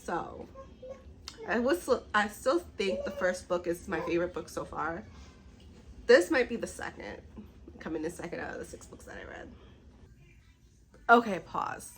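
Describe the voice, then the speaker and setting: A young woman chatting casually in a reading vlog, recapping a book with lots of "like" and quick reactions. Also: fairly low pitch, a little hiss or hum, rough recording. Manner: animated, chatty, fillers like "like". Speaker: book vlogger.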